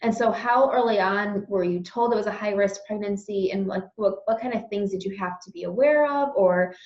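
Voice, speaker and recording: A woman host asking interview questions in a gentle, supportive way. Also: medium pitch, normal speed. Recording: echoey, dull recording.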